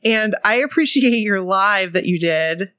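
A woman's voice: mid-range voice, expressive, measured pace, a bit bright, smooth, dry recording. An enthusiastic woman from New England co-hosts a casual podcast, reading a listener's letter aloud and breaking off to laugh and chat. Her voice sits in a middle register, and the recording is dry and close, with no room sound.

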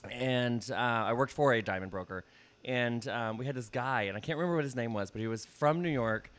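A man chatting casually as a podcast guest, animated and laughing often while telling stories. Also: medium pitch, fairly quick. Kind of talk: casual chat.

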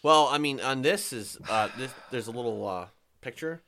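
A man's voice: medium pitch, normal speed, fairly bright tone, slight background noise. A man hosting a podcast in casual chat, reading odd facts aloud with fillers and crude jokes. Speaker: podcast host.

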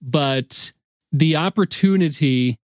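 A man's voice: mid-range voice, slow pace, darkish tone, dry recording, clean studio sound. A man co-hosting a podcast, talking in a casual, rambling way and often correcting and hedging himself. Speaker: podcast co-host. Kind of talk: casual chat.

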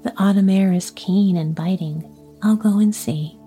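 A woman's voice: mid-range voice, moderate pace, warm tone, soft background music, lightly acted. A woman whispering the lines of a brave, courteous young prince in an old-fashioned courtly way, as whispered role-play. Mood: musing.

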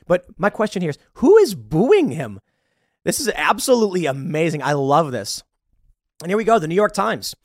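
A man's voice: fairly high pitch, sing-song, normal speed, no echo, clean studio sound. A man hosting a political commentary show, talking in a blunt, emphatic, conversational way. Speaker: show host.

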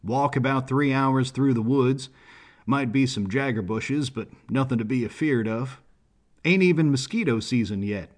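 A man voicing a big, easygoing pilot with a drawl and a husky voice. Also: mid-range voice, lightly acted. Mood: folksy. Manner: slow folksy drawl, colloquial.

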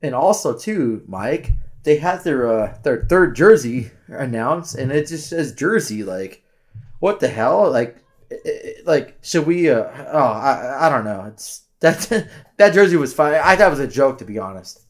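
A man co-hosting a casual hockey podcast, rambling with many halting restarts. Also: medium pitch, big pitch swings. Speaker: podcast co-host. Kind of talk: casual sports chat.

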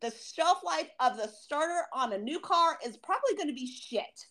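High, lively woman on a profane rant. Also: moderate pace. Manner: profane, heated ranting with acted-out quotes. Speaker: podcast co-host. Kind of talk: casual chat.

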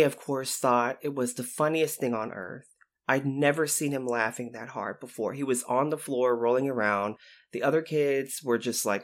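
A man telling lively stories about his time as a youth intervention specialist, acting out the voices of the people in them. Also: medium pitch, normal speed. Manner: animated, acts out quoted voices. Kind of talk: storytelling anecdote.

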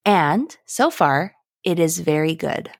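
A young woman talks casually as a podcast co-host, with a slightly low voice and chatty, animated storytelling. She is recorded close, with a dry sound and no room echo. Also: slow, vocal fry. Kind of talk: casual chat.

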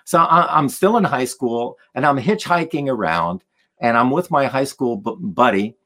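A man telling stories in conversation as a guest musician, animated and acting out the voices of the people in them. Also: mid-range voice, moderate pace. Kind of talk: storytelling in a conversation.

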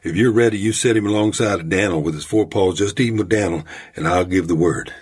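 A man's voice: low-pitched, fairly quick, breathy edge. A man voicing a wily frontier gambler, talking in an easy, careless drawl. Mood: easygoing.

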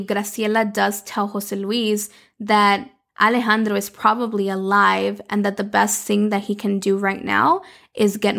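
A woman hosting a podcast, recapping a story in a chatty, expressive way and slipping in Spanish words. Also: mid-range voice, gravelly. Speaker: podcast host.

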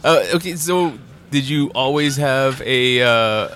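A man hosting an interview, asking questions in a halting way with many restarts. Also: mid-range voice, a bit bright. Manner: halting questions, frequent laughs and backchannels. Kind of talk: casual interview chat.

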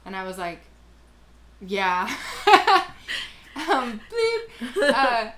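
A woman's voice: a little high, extremely slow. A young woman co-hosting a podcast, telling stories in casual, profane chat and acting out the people she quotes. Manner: storytelling, profane, animated quoting. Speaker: podcast co-host.

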